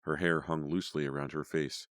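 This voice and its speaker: A man narrating a teen horror audiobook in a measured, even storytelling voice. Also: rumbling low, no room sound, studio quality. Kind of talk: scripted narration.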